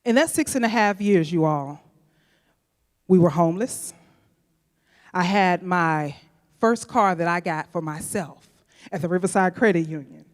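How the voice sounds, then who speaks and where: A woman from St. Louis telling a personal story live, chatting straight to the audience. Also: on the low side. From St. Louis, USA. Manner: chatty, addresses the audience directly. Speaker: storyteller, speaker. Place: event venue stage. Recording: long hall reverb.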